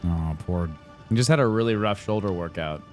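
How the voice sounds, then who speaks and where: A man's voice: fairly low pitch, brisk, soft background music. A young man streaming a game live, rambling and joking about what's on screen with sing-song asides. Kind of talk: live gameplay commentary.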